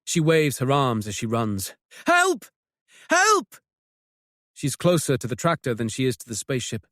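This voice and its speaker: A man narrating a mystery audiobook with measured, tense storytelling. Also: mid-range voice, dry recording, clean studio sound. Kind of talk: scripted narration.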